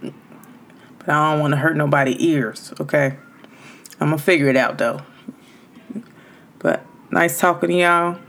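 Loud, emphatic woman podcaster, low voice. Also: fairly even intonation, a little slow, creaky, long pauses. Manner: loud, emphatic and direct, speaking straight to listeners. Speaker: podcast host. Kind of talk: motivational podcast talk.

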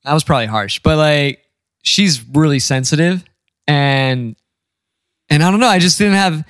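A young man on a podcast, telling family stories in an animated, laughing casual chat. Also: a little high, moderate pace, clean tone, no room sound, clean studio sound. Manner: animated storytelling, quotes family in put-on voices, laughs often. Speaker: podcast co-host.

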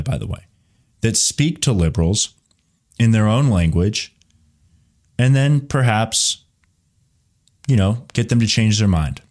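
A man's voice: fairly low pitch, darkish tone. A man hosting a live commentary show, talking in a rambling way with many fillers and reading viewer questions from the chat. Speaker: show host.

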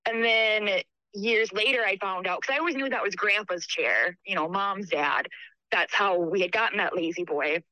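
A woman's voice: medium pitch, moderate pace, dry recording, rough recording. A woman caller telling a story in a chatty way, with lots of fillers. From New York State. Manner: chatty, filler-heavy, animated retelling. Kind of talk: casual storytelling on a call.

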